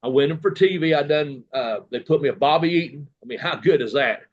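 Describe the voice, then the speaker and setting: A man's voice: a little high, fairly quick, dull audio. A man, a guest telling long, rambling stories full of quoted dialogue and fillers in a casual interview. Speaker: guest, retired professional wrestler.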